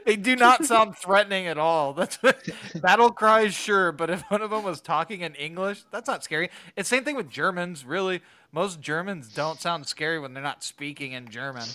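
A man's voice: high-pitched, moderate pace, hardly any pauses, sharp tone, dry recording. A man co-hosting a podcast in casual, crude chat, laughing often and swearing as he rambles. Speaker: podcast co-host.

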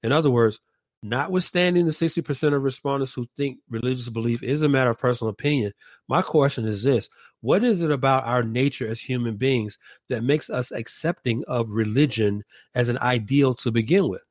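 A man talks through an idea in a reflective discussion, slowly building his argument and circling back to rephrase it. His voice sits in a middle register and comes across dry and close, with no room sound around it. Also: medium pitch, dry recording. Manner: deliberate, restates and rephrases his points.

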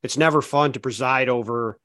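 A man co-hosting a sports podcast, talking through basketball in a measured, analytical way that is full of "I mean" and "look". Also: mid-range voice, fairly even intonation, fairly bright tone, no room sound. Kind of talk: casual basketball chat.

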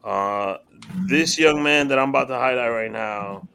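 A man hosting a casual podcast chat, relaxed and swearing freely as he talks with guests. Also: medium pitch, measured pace, creaky, clean tone. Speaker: podcast host.

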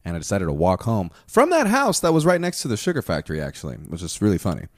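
A man's voice: fairly low pitch, wildly swooping pitch, quick pace, no echo, clean studio sound. A young man in his twenties telling a crude, rambling story full of "like" fillers in casual chat.

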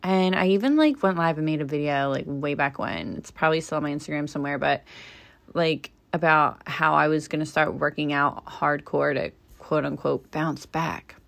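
A woman's voice: low voice, moderate pace, vocal fry. A young woman hosting her podcast as a doula, chatting in a casual, opinionated way and laughing often.

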